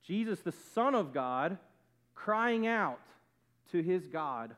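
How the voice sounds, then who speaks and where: A man preaching a sermon, building to loud emphatic peaks and then dropping low and quiet. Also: expressive, slow. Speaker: pastor.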